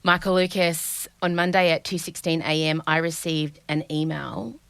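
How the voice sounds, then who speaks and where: A woman's voice: low-pitched, flat delivery, creaky, faint music behind. A woman, hosting a comedy podcast in a playful, riffing way. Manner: playful, riffing, quick to laugh. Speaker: podcast host. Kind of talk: casual comedic chat.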